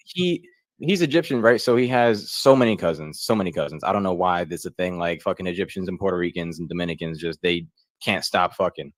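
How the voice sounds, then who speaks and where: Young male comic, low voice, dry close sound, crude rambling delivery. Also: no room sound. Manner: rambling, crude, loose storytelling. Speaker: comedian contestant. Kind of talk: stand-up comedy set.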